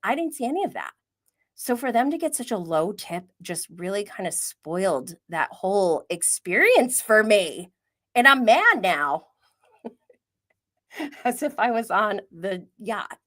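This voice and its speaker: A woman's voice: medium pitch, sing-song, takes it slowly, fairly bright tone. A woman hosting a live-stream reality TV recap, chatty and opinionated, often laughing and acting out quoted asides. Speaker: reality TV commentary host.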